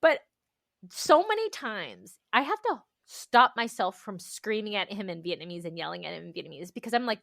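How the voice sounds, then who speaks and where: Animated woman telling stories, dry sound. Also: medium pitch, normal speed, creaky, no echo. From United States. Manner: animated storytelling, acts out her own inner voice, laughs often. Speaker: guest author. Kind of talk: candid conversational interview.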